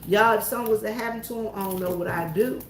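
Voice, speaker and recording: A woman's voice: mid-range voice, quick pace, echoey room, a little hiss or hum. A Southern woman chatting to her viewers in a folksy, storytelling way, alone in an empty church. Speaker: church worker and vlogger. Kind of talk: casual chat to viewers.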